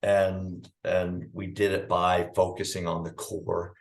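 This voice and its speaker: A man's voice: low-pitched, level tone, slow, vocal fry. A middle-aged man, a firm founder as podcast guest, telling stories casually with many restarts and fillers. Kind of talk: conversational storytelling.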